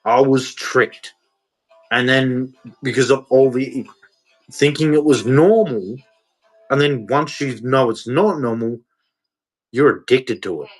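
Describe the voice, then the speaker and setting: A man's voice: mid-range voice, measured pace, breathy edge, faint music behind, low-quality recording. A man, ranting in an emotional monologue to camera, repeating himself as he goes. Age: 40s. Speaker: vlogger.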